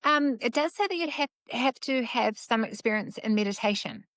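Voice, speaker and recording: Woman interview host, encouraging, hesitant ums, slightly high pitch, dry sound. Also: lively intonation, normal speed, dry recording. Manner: warm encouraging responses, many ums. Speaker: podcast host. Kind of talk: interview hosting.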